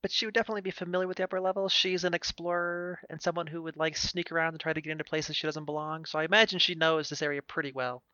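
A man playing a tabletop game, planning his character's moves out loud. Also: fairly high pitch, flat delivery, racing, hardly any pauses, no room sound, dull audio. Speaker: player.

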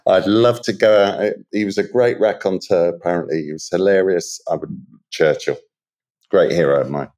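A British man chatting as a podcast guest, telling stories in a relaxed, slangy way. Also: low-pitched, normal speed. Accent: British English. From England. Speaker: guest, water treatment expert. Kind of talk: casual interview chat.

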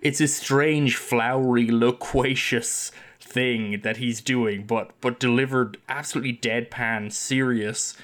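A man's voice: medium pitch, steady tone, a little slow, fairly bright tone. Rambling wry man on a film podcast. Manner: rambling, restarts often, wry. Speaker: podcast co-host, film discussion. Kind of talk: casual chat.

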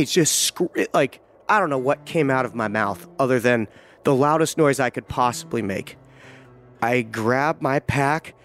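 A hunting guide telling a tense first-person story, vivid and halting, with frequent restarts. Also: male voice, mid-range voice.

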